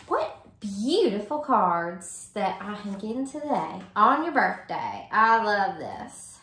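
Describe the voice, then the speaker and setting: A woman's voice: medium pitch, big pitch swings, fairly bright tone. A woman, gushing with delight in a casual vlog. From Virginia, US. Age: 30s. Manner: effusive, gushing, slow and drawn-out. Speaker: vlogger. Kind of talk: casual gift-opening vlog. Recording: roomy echo.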